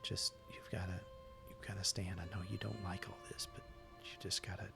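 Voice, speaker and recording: A man voicing an earnest, worried ghostly uncle who speaks in a hushed, pleading way. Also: low-pitched, little pitch movement, fairly quick, creaky, over music.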